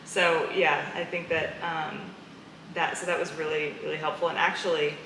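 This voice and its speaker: A woman in a casual interview conversation, an animated storyteller who laughs often. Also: sits low, normal speed. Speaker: guest. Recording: echoey room with clear background noise.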